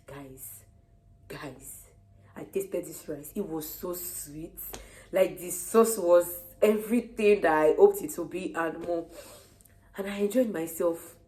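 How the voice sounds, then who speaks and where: Pregnant nigerian woman chatting to camera, lowish voice, acts out the convos. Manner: lively, animated retelling of conversations. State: heavily pregnant. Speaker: vlogger. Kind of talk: casual storytelling to camera.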